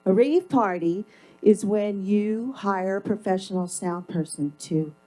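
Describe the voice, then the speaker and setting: A woman's voice: medium pitch, a little slow, warm tone, faint music behind, low-quality recording. Emphatic, sarcastic woman at the podium. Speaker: public commenter. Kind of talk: public comment at council meeting. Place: council chamber.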